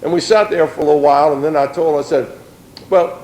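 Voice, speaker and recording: A man's voice: on the high side, quick pace, a little mellow, reverberant, low-quality recording. A middle-aged man, giving a plain-spoken personal testimony in an earnest storytelling way.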